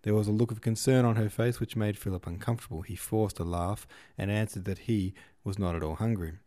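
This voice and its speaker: Man, podcast host, reading a classic novel aloud, low voice, mellow tone, measured and unhurried narration. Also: steady tone. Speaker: podcast host and audiobook reader.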